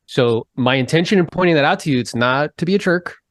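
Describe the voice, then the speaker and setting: A man hosting a podcast, talking in a casual interview style, animated and emphatic as he pushes his pitch up to stress points. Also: fast, dry recording, clean studio sound. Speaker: podcast host.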